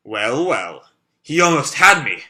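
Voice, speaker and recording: A man reading as a calm, measured swordsman. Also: mid-range voice, full character voice. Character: calm male swordsman who makes foes cry.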